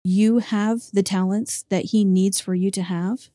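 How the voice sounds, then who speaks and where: A woman's voice: medium pitch, fairly even intonation, measured pace, warm tone. A woman, a pastor's wife, sharing reflective, heartfelt answers in an interview.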